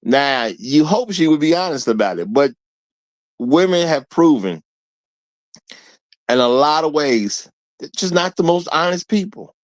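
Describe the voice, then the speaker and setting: Animated guy hosting his show, kinda high voice, dry sound, keeps laughing. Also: measured pace, pauses often, no room sound. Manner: animated, acts out quotes, laughs often. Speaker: host. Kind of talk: casual commentary.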